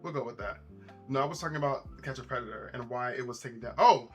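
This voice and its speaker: A man's voice: medium pitch, fast talker, soft background music. A man chatting casually on a live stream, rambling with lots of repeats and asides to his chat.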